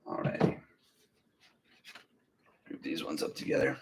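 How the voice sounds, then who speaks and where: A young man hosting a casual livestream, talking slowly and easily with a slight drawl, rambling as he reads viewer comments aloud. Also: background noise. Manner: slow, easygoing drawl. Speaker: livestream reseller host.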